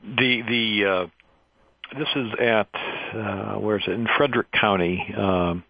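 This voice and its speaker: A man hosting a radio talk show, asking questions in a measured way with some fillers. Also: on the low side, fairly even intonation, creaky, no room sound. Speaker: radio host. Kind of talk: radio interview. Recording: dull lo-fi radio sound.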